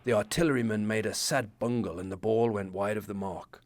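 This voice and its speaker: A man voicing a male rifleman's memoir in a lowered put-on accent. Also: fairly even intonation, fairly quick, natural voice. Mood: recounting. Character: low-voiced male rifleman recalling battle.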